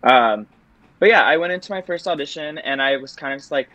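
A man's voice: fairly high pitch, lively intonation, a little fast, bright, forceful tone, no echo, muffled recording. A young man, a stage actor, telling an audition story in a chatty, self-deprecating way, with many fillers and laughs. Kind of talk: casual interview storytelling.

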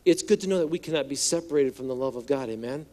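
A male pastor preaching a sermon in a conversational, joking way, slipping into hushed voices for quoted lines. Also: mid-range voice, fast talker. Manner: conversational, playful asides, acts out quotes in hushed voice.

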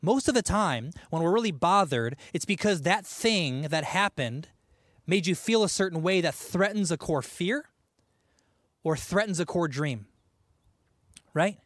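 Guy preaching, kinda high voice, chatty and animated, dry close sound. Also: a little slow, no echo. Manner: conversational, animated, with frequent asides and laughs. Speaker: pastor. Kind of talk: sermon.

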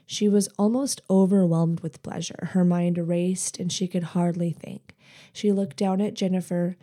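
Woman host reading a steamy story, low mellow voice, slow and close. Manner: steady, intimate storytelling. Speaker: podcast host.

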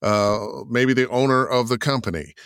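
An older man, a voice actor, answering interview questions in an animated storytelling way, acting out quotes as he goes. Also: mid-range voice, moderate pace, clear, resonant tone, no echo, studio quality. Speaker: voice actor guest.

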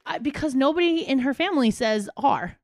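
A woman's voice: high voice, animated, brisk, no echo. A woman in her thirties with a thick New Jersey accent, chatting as a podcast co-host. She talks bluntly and with plenty of animation, dropping swear words freely. The sound is dry and close. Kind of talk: casual chat.

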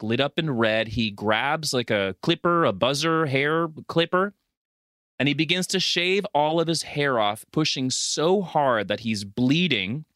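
A man co-hosting a podcast, retelling a film with lively profanity, frequent laughter and acted-out quotes. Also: fairly high pitch, no room sound, clean studio sound. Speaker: podcast co-host. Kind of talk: casual movie recap chat.

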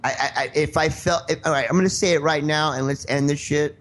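A fast-talking radio host with a rather high, steady, slightly bright voice argues heatedly with a caller. He stays defensive, interrupts, swears, and keeps pressing to be allowed to finish.

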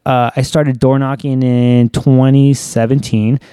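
A man's voice: medium pitch, flat delivery, unhurried, dark tone, clear, resonant tone, dry recording. A young man, a podcast guest, telling a personal story in loose, profane, casual talk.

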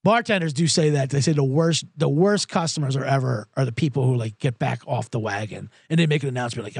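A man's voice: mid-range voice, fast talker, creaky, few pauses, a little mellow, slightly rough, dry recording. A male podcast host telling a profane, sarcastic comedic story and acting out the people in it. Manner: profane, sarcastic, acts out quoted voices.

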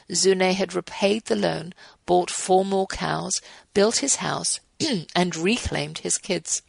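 A woman in her fifties hosting a radio show, reading a passage aloud and giving earnest, gently devotional closing remarks. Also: fairly low pitch, vocal fry, dry recording, rough recording.

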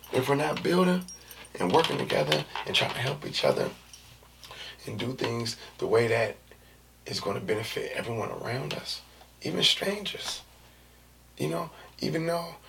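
A man in his thirties riffs in a relaxed monologue, his voice gravelly and creaky. He talks loose and slangy, jumping into whispers, and he sits a little back from a mic with faint hiss behind him. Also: on the high side, far from the mic. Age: 30s. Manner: loose, slangy and animated, drops into whispers and jokey put-on voices. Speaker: vlogger. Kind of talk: casual monologue.

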